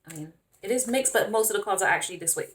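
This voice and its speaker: An excitable woman gives a casual tarot reading to camera. She laughs often and showers her listeners with pet names like honey and darling. Her voice sits at an ordinary, mid pitch. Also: very fast. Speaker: tarot reader.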